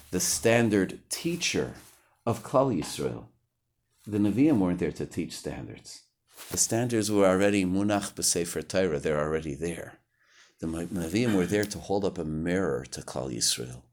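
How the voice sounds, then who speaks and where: A man's voice: low-pitched, darkish tone. A man giving a conversational Torah lecture, sometimes searching for words and rising sharply when he acts out quotes. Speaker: rabbi teaching Torah.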